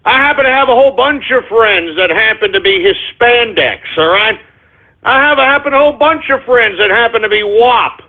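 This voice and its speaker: A man hosting a call-in radio show, loud and boastful, ranting at listeners. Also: very high voice, lively intonation, moderate pace. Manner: loud, boastful, shouting and cackling. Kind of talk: brash call-in radio rant. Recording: tinny phone-line radio audio with faint music.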